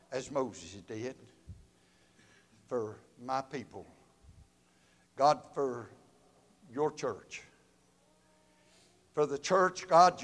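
A man preaching a sermon and leading prayer as pastor, with a Southern American accent, swelling loud and dropping soft. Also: on the high side. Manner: fervent preaching with sudden swells and drops in loudness. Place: church sanctuary. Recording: long reverb of a church hall.

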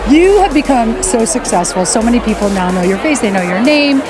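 A woman reporter doing a red carpet interview, bubbly and full of quick small talk. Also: a little high, lively intonation. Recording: loud music and crowd at a public event.

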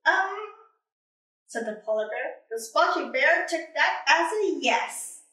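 Expressive woman reading a storybook aloud. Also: sits high, measured pace, far from the mic. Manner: expressive and animated. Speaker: storybook reader. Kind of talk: children's story read-aloud. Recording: echoey room, away from mic.

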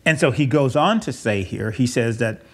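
A male preacher with a husky, slightly breathy voice, delivering a loose, conversational sermon. He talks at a middle pitch, often restarts his sentences and wanders into asides, dropping the odd soft chuckle. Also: lively intonation, normal speed. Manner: rambling, self-correcting, with asides and soft chuckles.

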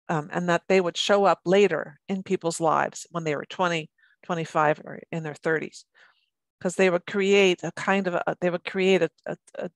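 A middle-aged woman gives a lecture in a somewhat low voice, often stopping to restart her sentences and repeating words as she goes. Her voice is recorded dry and close, with no room sound around it. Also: dry recording. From United States. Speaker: presenter on birth trauma.

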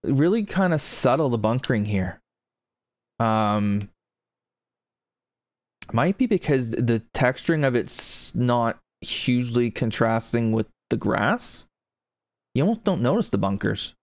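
With a sing-song, mid-range voice, measured pace and frequent pauses, this streamer chats casually as he plays a golf video game. He's self-deprecating and rambles between shots, and he was raised by English parents but not in Britain. The recording is dry.

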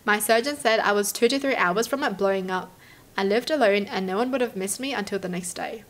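A young woman from Australia, hosting and reading stories aloud, then reacting to them with animated exclamations. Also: mid-range voice, a little fast. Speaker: host.

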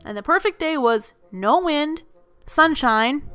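A woman narrates stories from her job as a school bus driver for an animated video, and she acts out the people she quotes. Her voice sits high and bright and swings up and down with a lot of life. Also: takes it slowly. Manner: lively, expressive storyteller who acts out the people she quotes.

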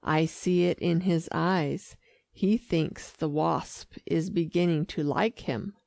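A folksy, gossipy old male dog, as a woman reads him aloud, low and slow with a gravelly texture. The sound is close and dry. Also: steady tone, a little mellow, no room sound, full character voice. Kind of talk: audiobook reading.

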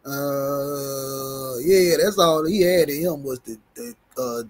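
A reaction commentator with a mid-range voice speaks slowly, giving casual, slangy commentary. He stumbles over big words while reading a report aloud and jokes with his viewers.

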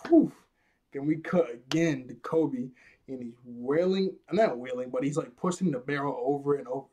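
A man's voice: medium pitch, moderate pace, dark tone. A young man casually recapping an anime episode, laughing often and acting out scenes in character voices.

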